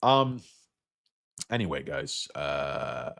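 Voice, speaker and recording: A man with a hoarse voice from getting sick, hosting a casual livestream about stocks. He rambles, jokes crudely and talks to his viewers. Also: extremely low pitch, sing-song, very slow, fairly bright tone, no room sound. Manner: rambling, crude, joking asides. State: losing his voice, feeling sick. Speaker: stock market livestream host.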